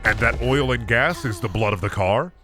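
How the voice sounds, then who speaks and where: A man voicing a slick, pushy car-warranty telemarketer with smooth, rehearsed sales patter in a lowered voice. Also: normal speed, over music, natural voice. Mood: salesy.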